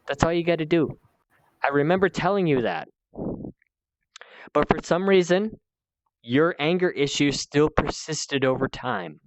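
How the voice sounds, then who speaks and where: A man's voice: a little high, smooth, no echo, muffled recording. A man hosting a heated one-on-one conversation, lecturing in a repetitive, escalating way and swearing now and then. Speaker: channel host.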